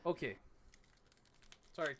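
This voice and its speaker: A man hosting a casual podcast chat on a headset mic, halting and repeating words as he talks. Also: sharp tone, slight background noise. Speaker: podcast host.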